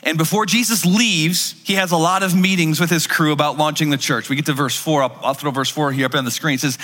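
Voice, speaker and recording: Mężczyzna, pastor wygłaszający kazanie w żywym, gawędziarskim stylu, nagrany z długim pogłosem dużej sali. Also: male voice, a little high, fairly quick, few pauses, long reverb tail. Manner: lively conversational storytelling with acted-out quotes. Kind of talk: sermon.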